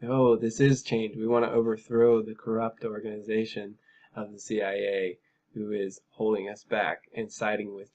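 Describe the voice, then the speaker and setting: A man's voice: fairly low pitch, darkish tone, dull audio. A man giving emphatic, heated commentary on a news article, with frequent fillers and repeated phrases. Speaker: political commentary vlogger.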